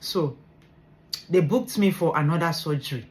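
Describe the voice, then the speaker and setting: A woman's voice: deep voice, moderate pace, darkish tone. Earnest Nigerian woman telling her story. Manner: emotional, earnest retelling, switching between English and pidgin. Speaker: vlogger sharing her medical story. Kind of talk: personal storytelling vlog.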